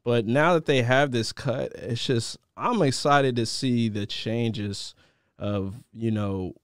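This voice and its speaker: Guy cohosting a chill chat, smooth voice, kinda rambly, lots of uh and you know. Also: medium pitch, slow pace, dry recording, clean studio sound. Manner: rambling, searches for words, many fillers. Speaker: podcast co-host. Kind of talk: casual chat.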